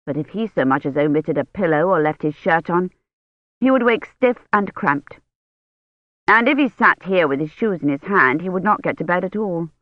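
An audiobook narrator reading a novel at a steady, even pace, with a voice of middling pitch. The recording is muffled, with a dry booth sound and no room echo. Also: normal speed. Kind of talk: scripted narration.

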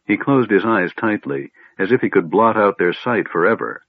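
A male narrator telling a fantasy story with a lowish, lively voice that rises and falls freely. The recording is narrow and tinny like a phone line, with a completely dry sound. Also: moderate pace, creaky, no room sound. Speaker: audiobook narrator. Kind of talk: scripted audiobook narration.

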